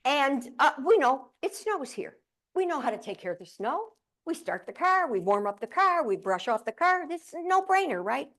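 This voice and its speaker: An older woman from central New York gives a humorous motivational keynote. Her voice sits a little high, and she tells chatty stories full of playful asides. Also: big pitch swings, moderate pace, a bit bright. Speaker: keynote speaker. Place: conference room with audience.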